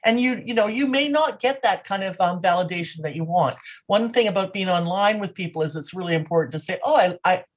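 A woman's voice: medium pitch, brisk, few pauses. Middle-aged lady cohosting a podcast, chatty, laughs a lot, starts sentences over. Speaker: podcast co-host. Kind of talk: casual chat.

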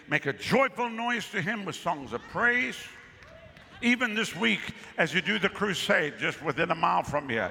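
A man's voice: fairly high pitch, gravelly, bright, forceful tone. A man preaching a sermon as pastor. He is exclamatory and keeps calling out to the crowd for responses, in a venue with a crowd. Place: outdoor pavilion with a crowd. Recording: long reverb with faint ambient noise.

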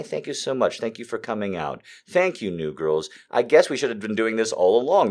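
A man hosting a live show in a casual, rambling, sardonic way, swinging between loud bursts and quiet asides. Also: mid-range voice. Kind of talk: casual live-stream chat.

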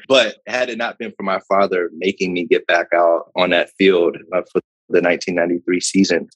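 A man from Pittsburgh in his thirties, a podcast guest telling his life story in a relaxed, reflective way with many fillers and repeated words. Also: sits low, breathy edge, no room sound, highs cut off. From Pittsburgh, Pennsylvania, USA. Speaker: podcast guest, startup founder. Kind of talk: casual interview storytelling.

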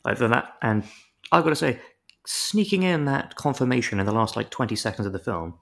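A man with a rough, gravelly edge to his voice reviews a film in loose conversation. He rambles a little, then lands a dry, exaggerated comparison. His pitch sits in an ordinary middle range. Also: very animated, a little fast. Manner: rambling, wry, builds comic analogies. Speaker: film review podcast co-host. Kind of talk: casual film review chat.

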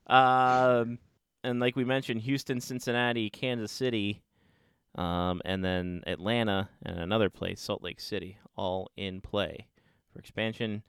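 A man's voice: lowish voice, fairly even intonation, measured pace, a bit bright, smooth, dry recording, clean studio sound. A man hosting a casual sports podcast, joking loosely and polling his co-hosts. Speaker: podcast host.

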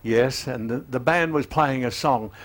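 Man in his eighties, preacher, emotional sermon, halting delivery, mid-pitched voice. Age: 80s. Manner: emotional, halting with fillers and restarts; rises in pitch and volume when urging repentance.

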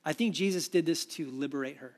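A man preaching a sermon with animated, conversational storytelling. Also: on the high side, fairly quick. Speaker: pastor.

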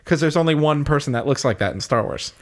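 A man's voice: on the high side, expressive, quick pace. A man co-hosting a casual chat, eager, laughing often and swearing. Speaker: podcast co-host.

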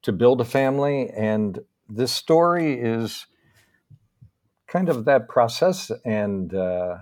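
A middle-aged man from the northeastern US, reading a personal story aloud in a measured, unhurried way with small pauses. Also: mid-range voice, expressive, a little mellow.

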